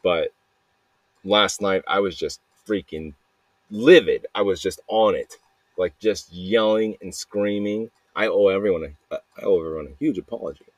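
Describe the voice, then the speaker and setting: Low, hoarse man rambling in a dry room. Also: moderate pace, dry recording. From Arizona. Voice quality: slightly hoarse from yelling. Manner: rambling, restless, jokey, many restarts. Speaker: podcast host. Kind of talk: rambling solo voice memo.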